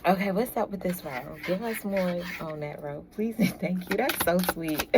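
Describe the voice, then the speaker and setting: A woman's voice: fairly low pitch, normal speed, very noisy. A woman giving a casual tarot reading, chatty and laughing often as she talks to viewers. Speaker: tarot reader.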